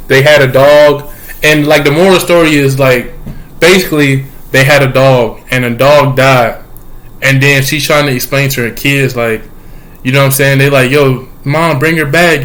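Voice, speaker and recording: A young man vlogging a casual, excited and slangy recap of a show. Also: medium pitch.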